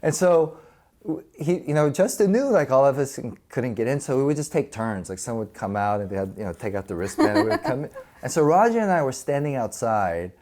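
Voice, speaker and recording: A man in his forties telling stories casually in a podcast interview, animated and laughing often as he acts out quoted voices. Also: medium pitch, a little fast. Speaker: actor and podcast host.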